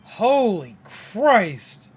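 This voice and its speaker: A frazzled, excitable man streaming a game live, exclaiming and thanking viewers, with game music behind. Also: sits high, very slow. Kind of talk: live gaming stream chat.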